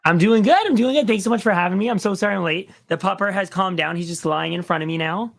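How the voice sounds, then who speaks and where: A friendly man chatting on a stream with a gravelly, creaky edge to his voice. He rambles a little and repeats phrases as he talks. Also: sits high, quick pace, fairly bright tone. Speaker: guest, competition winner. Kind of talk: casual chat on a live stream.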